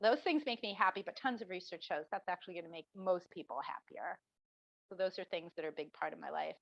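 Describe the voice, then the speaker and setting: A middle-aged woman, a marketing professor, answering interview questions as an animated storyteller who acts out the people she quotes. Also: lowish voice, quick pace, vocal fry, no room sound. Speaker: marketing professor, podcast guest. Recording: dull dry lo-fi sound.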